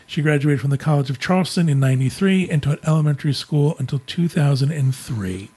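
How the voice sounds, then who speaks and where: A man hosting a casual travel podcast, friendly and relaxed as he wraps up the show. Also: fairly high pitch, a little fast, breathy edge. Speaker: podcast host, travel agent.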